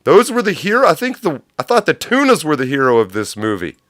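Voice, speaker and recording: A man's voice: on the high side, wildly swooping pitch, brisk, fairly bright tone, no room sound, clean studio sound. A man hosting a livestream, ranting in a profane, sarcastic, rambling way. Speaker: livestream host. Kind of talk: unscripted livestream rant.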